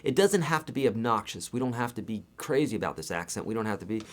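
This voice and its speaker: A man's voice: medium pitch, animated, quick pace, hardly any pauses. A man teaching a live guitar lesson in a casual, chatty way, his voice tired and worn, counting beats aloud.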